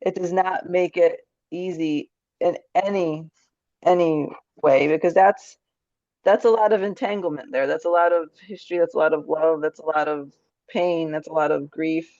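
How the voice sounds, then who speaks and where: A woman's voice: sits low, fairly even intonation, moderate pace, darkish tone, no room sound. Affirming woman host, dull dry sound. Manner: reflective and affirming. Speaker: podcast host. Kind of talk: conversational interview.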